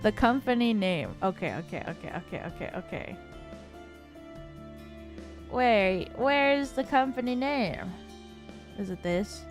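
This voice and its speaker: A woman streamer giving casual, playful game commentary with excitable reactions, on a desk mic. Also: mid-range voice, measured pace, long pauses, soft background music. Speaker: VTuber streamer.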